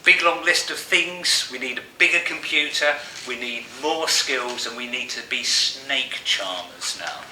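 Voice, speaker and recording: A man with a sharp-toned, mid-range voice speaks unhurriedly, with few pauses. As a masterclass presenter, he gives a live talk to a room of analysts, jokey and conversational, asking the audience questions. The echoey room is heard from far off, with faint hiss.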